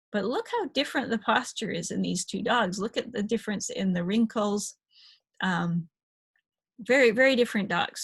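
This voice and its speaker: A woman talks through slides in a recorded dog-behavior lecture, chatty and easygoing, now and then laughing a little. Her voice is husky and slightly gravelly, at a middling pitch. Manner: chatty, explains slide photos with small laughs.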